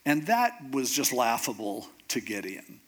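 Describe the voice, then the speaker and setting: A man's voice: mid-range voice, sing-song, a little slow. A man telling a Bible story casually. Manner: conversational storyteller, acts out the characters.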